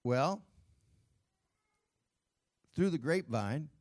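A man's voice: fairly high pitch, lively intonation, very slow, darkish tone. A man pastor giving a sermon, telling a story with emphatic preaching.

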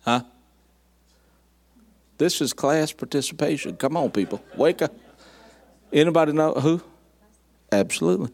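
A man's voice: a little high, lively intonation, normal speed, pauses often, darkish tone. A middle-aged man, preaching a sermon in a folksy, storytelling way with dry humor. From southern United States. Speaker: guest preacher.

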